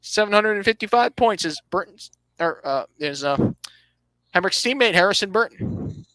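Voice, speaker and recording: A man's voice: high-pitched, lively intonation, moderate pace, sharp tone, dry recording, poor audio. A man hosting a casual motorsport podcast, reading out standings and giving his opinions with dry sarcasm, often restarting his phrases. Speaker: podcast host.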